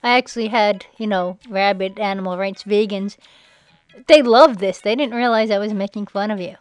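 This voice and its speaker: A woman giving sarcastic, mocking commentary over a slideshow, now and then breaking into shrill put-on voices. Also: moderate pace, no room sound, low-quality recording. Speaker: video narrator. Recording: faint background music.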